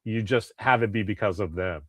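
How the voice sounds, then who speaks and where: A man's voice: fairly low pitch, a little fast, no room sound. A man co-hosting a podcast, chatting casually and rambling with restarts and swearing. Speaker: podcast co-host. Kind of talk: casual chat.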